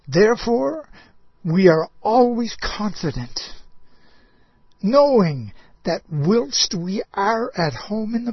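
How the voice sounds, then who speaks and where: Husky, high-voiced impassioned preacher man. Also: no room sound, lo-fi sound. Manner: impassioned, swings between loud outbursts and soft low asides. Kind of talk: sermon.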